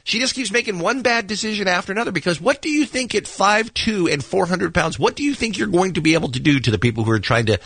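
A man's voice: high voice, animated, quick pace, hardly any pauses, fairly bright tone, breathy edge, no room sound. A man hosting a radio talk show, telling a story in a wry, conversational way. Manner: wry, storytelling with asides and fillers. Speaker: radio host.

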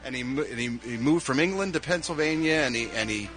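A man's voice: medium pitch, expressive, fast, fairly bright tone, soft background music. A man from Philadelphia, a regular on a radio morning show, doing a playful live read and hamming up his hometown accent. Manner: playful, hams up a Philly accent for laughs.

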